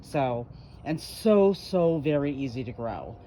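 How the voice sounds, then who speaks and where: A woman's voice: rumbling low, lively intonation, takes it slowly, mellow, slight background noise. A middle-aged woman, chatting casually and folksily in a garden vlog, recorded outdoors in her backyard on a handheld camera. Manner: chatty, folksy, rambling with fillers. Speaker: garden vlogger.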